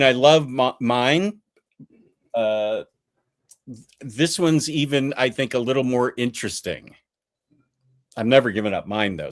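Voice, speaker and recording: A man's voice: mid-range voice, no echo. A man hosting a casual live-stream chat, rambling and hesitant with lots of fillers. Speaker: podcast host.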